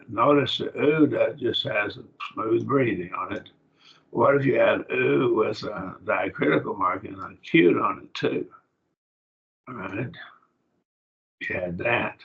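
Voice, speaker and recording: A man with a low voice teaches a Greek grammar lesson on a video call. He explains slowly and puts questions to his class. The call audio is dull and lo-fi. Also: gravelly.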